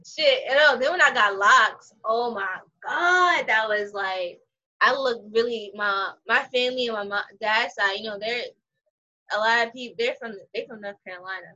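A young adult woman telling stories in a casual chat over a video call, animated, profane and quick to laugh. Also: on the high side. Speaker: conversation partner. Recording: muffled video-call audio.

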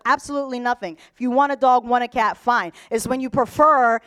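High, lively woman preaching. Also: brisk. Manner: animated, storytelling, mimics characters. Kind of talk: lively sermon with acted-out voices.

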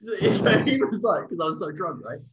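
A man telling a story in casual chat, animated and swearing, acting out what people said. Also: high-pitched, brisk, crowd noise. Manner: animated, swearing, acts out quotes loudly. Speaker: podcast co-host. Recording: dull lo-fi sound.

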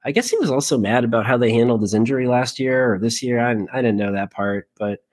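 A man's voice: medium pitch, animated, fast, no echo. A man co-hosting a casual podcast, rambling with filler words and a self-deprecating humor. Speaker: podcast co-host. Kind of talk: casual chat.

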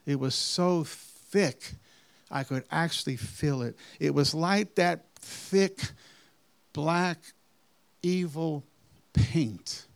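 A man slowly recounting a personal testimony in an earnest way, with deliberate phrasing and halting restarts. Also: a little high, vocal fry. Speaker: storyteller giving a personal testimony. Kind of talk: slow, earnest spoken testimony.

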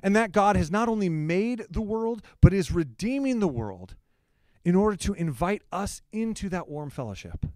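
A man's voice: sits high, big pitch swings, moderate pace, a little mellow, no echo, clean studio sound. A male pastor delivers a sermon in a conversational, earnest way, with humorous asides.

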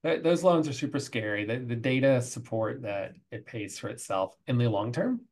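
Friendly woman interviewer, steady talk. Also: extremely low pitch, moderate pace. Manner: friendly, restarts, affirming. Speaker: interviewer, former instructor. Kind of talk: casual interview conversation.

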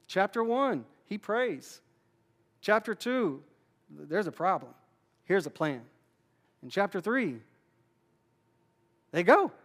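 A man preaching a sermon as pastor, conversational and restarting his words often. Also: high-pitched.

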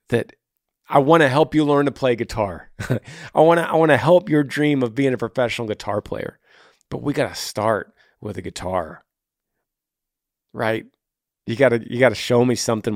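Answering listener emails on his podcast, a tired-sounding man gives casual, earnest advice at a moderate pace and medium pitch. When he presses a point he turns pleading and nearly whispers; the recording is studio quality with no echo.

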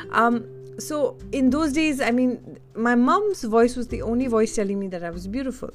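A woman from Delhi shares personal stories in a candid, reflective way, often pausing to search for her words. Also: fairly high pitch, animated, soft background music. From India (Delhi). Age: adult. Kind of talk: personal storytelling monologue.

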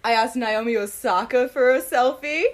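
Young woman, slightly high voice, eager and giggly anecdote teller. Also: moderate pace, over a noisy crowd. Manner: excited, giggly, lots of fillers. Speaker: guest telling a story. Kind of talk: casual storytelling.

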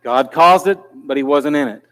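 A man's voice: mid-range voice, normal speed, fairly bright tone. A man preaching a sermon in an earnest manner that builds to pleading intensity.

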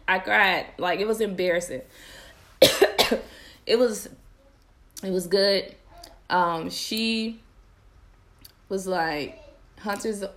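Young woman host, chatty and animated, slightly low-pitched, laughs a lot; casual podcast talk. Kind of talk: casual chat to viewers.

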